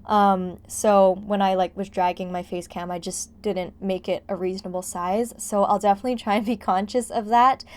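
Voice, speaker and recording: A woman's voice: medium pitch, steady tone, moderate pace, few pauses, darkish tone, smooth. A young woman gives a casual, rambling voice-over about her game build. She is out of breath and jittery from caffeine and fills her talk with "like". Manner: chatty, rambling, heavy use of "like". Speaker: gaming vlogger.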